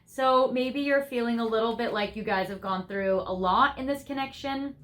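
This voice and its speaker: A woman's voice: fairly high pitch, normal speed, fairly bright tone. A young woman giving a tarot reading to viewers, gushing and effusive, laughing often as she talks through the cards. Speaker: tarot reader.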